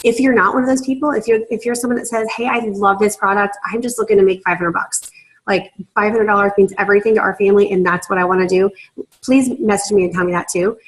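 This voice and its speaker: A woman's voice: mid-range voice, fairly even intonation, quick pace, poor audio. A young woman, a team leader on a video call, talking emotionally and gushing with many fillers, close to tears. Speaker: team leader in a sales business.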